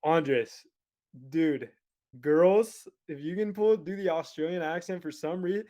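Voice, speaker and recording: A young man on a podcast over a video call, telling a funny sales story in a relaxed, laughing way and swearing now and then. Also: sits high, measured pace. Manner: laid-back, laughing, swears casually. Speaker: podcast guest. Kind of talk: casual storytelling.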